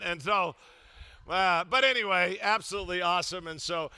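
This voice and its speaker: Older man, pastor; humorous sermon storyteller, strong bright voice. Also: sits high, moderate pace, smooth. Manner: humorous storytelling, animated, loud emphatic bursts.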